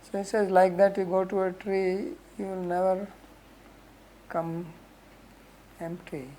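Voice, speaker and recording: A woman who teaches scripture verses, explaining them slowly with homely examples and frequent "right?" asides. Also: fairly low pitch, level tone, warm tone, slight background noise, rough recording. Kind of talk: lecture on Sanskrit verses.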